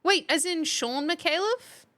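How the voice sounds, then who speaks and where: Speaking slowly in a very high voice, a young woman streams live while hosting a silly mock class. She's chatty and relaxed, laughing often and exclaiming in excitement.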